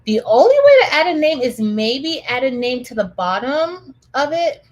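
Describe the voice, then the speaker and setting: A woman's voice: sits high, big pitch swings, moderate pace, lo-fi sound. Chatty woman hosting a craft livestream. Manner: chatty, enthusiastic, many fillers and restarts, addresses viewers as y'all. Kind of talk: casual livestream chat.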